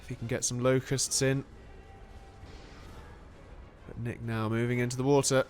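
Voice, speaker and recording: Brief: male caster, mid-pitched, lively play-by-play of a strategy game with quick exclamations, faint music underneath. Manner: excitable, animated play-by-play with frequent exclamations. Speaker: game commentator. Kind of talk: live strategy game commentary.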